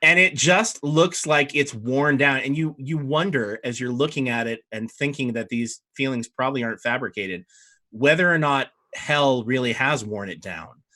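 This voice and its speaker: A man running a tabletop game as dungeon master, describing scenes in a loose, rambling way. His voice is bright and forward, pitched in the middle. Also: normal speed. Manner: rambling, with frequent fillers and restarts. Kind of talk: improvised tabletop game narration.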